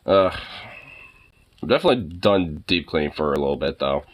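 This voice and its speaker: A man's voice: rumbling low, expressive, brisk. A man chatting casually to the camera about his dog, laid-back and profane, often chuckling. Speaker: vlogger filming his dog. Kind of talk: casual chat.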